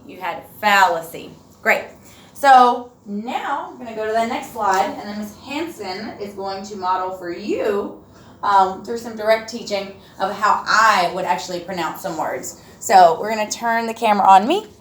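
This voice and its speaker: A woman teacher running a reading lesson, encouraging and sounding words out slowly. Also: mid-range voice. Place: classroom. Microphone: far camera. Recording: echoey room from far off.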